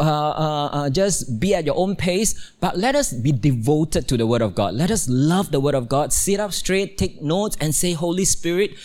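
A middle-aged man preaching a sermon in a church, telling a family story with playful humor and lively exclamations. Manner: animated storytelling, playful, exclaims with rising pitch. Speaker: pastor. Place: church, also streamed online.

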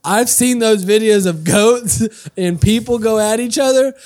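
Animated, jokey man, higher voice. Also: no echo, clean studio sound. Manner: animated, jokey, quick bursts. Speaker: podcast co-host. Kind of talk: casual chat.

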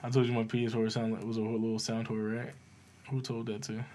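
A man's voice: lowish voice, level tone, a little fast, warm tone, a little hiss or hum. Joking young man, slangy banter. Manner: joking, slangy, drifts into whispers. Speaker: podcast guest. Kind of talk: casual chat.

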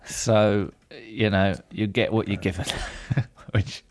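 A man's voice: fairly low pitch, little pitch movement, slow, no echo. A man hosting a podcast in casual chat, with dry, self-deprecating humor. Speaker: podcast host.

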